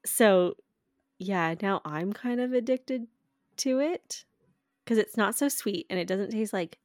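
A woman's voice: mid-range voice, takes it slowly, a little mellow, dry recording, clean studio sound. A woman co-hosting a podcast, telling a story in casual chat, laughing often and swearing freely. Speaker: podcast co-host.

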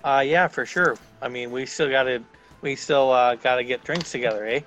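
A man's voice: mid-range voice, normal speed, fairly bright tone, soft background music, poor audio. Chatty male tabletop game player. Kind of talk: playing a character in a tabletop game.

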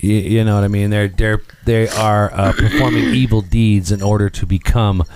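A man co-hosting a podcast in casual chat, supportive and agreeing, often starting with halting restarts. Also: on the low side, steady tone, a little mellow, slight background noise. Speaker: podcast co-host.

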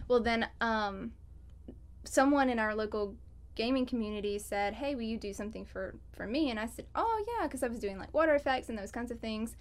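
Chatty higher-voiced woman. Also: brisk, a little hiss or hum. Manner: chatty, rambling, laughs often. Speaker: guest on a gaming podcast. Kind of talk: casual interview chat.

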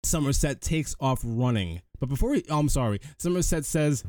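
A man's voice: medium pitch, animated, brisk, a little mellow, dry recording. A man recapping a film scene by scene for a podcast, easygoing and conversational. His voice sounds dry and close, with no room around it. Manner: retells the plot step by step, chatty. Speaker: podcast host. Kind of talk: casual movie recap chat.

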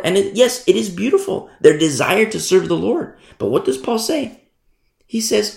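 A man's voice: on the high side, animated, normal speed, vocal fry. A male pastor preaching a sermon, emphatic and repeating his key phrases. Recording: roomy echo.

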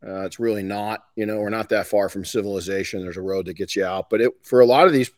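A man's voice: lowish voice, steady tone, fast talker, a little mellow, dry recording. Folksy middle-aged man, dry close sound. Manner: folksy, rambling with frequent restarts. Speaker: podcast host. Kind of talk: casual motivational talk.

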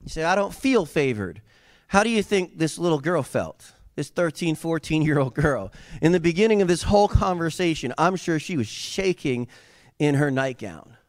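A man delivers a sermon, his voice sitting a little high for a man. He presses toward loud, fervent climaxes, then eases into chatty, joking asides with the congregation. The sound is close and dry, with little room echo. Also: lively intonation, moderate pace. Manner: impassioned, builds to loud emphatic peaks; conversational asides with humor. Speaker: pastor.

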